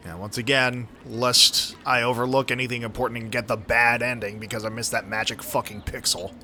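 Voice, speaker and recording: A man's voice: mid-range voice, level tone, a little fast, pushed and bright, a little hiss or hum. A man streaming a point-and-click game, joking wryly and swearing freely. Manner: wry, profane, laughs often. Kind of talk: casual gaming commentary.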